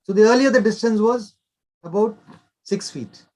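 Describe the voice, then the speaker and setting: A man's voice: sits high, normal speed, a little mellow. An older man, a doctor explaining in an interview with short, instructive directives.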